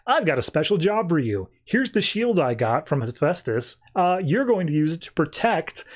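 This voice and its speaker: A man's voice: fairly high pitch, very animated, moderate pace, pitched above the performer's own voice. A man voicing a confident female warrior heroine who hands out orders in a breezy way.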